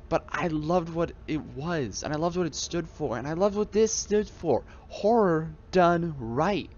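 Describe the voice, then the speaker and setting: A young man with a fairly high voice rambles with enthusiasm about the games he loves, breaking off and restarting his sentences. The sound is dull and lo-fi, as from a headset mic. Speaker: YouTube gamer. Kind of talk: casual reflective monologue.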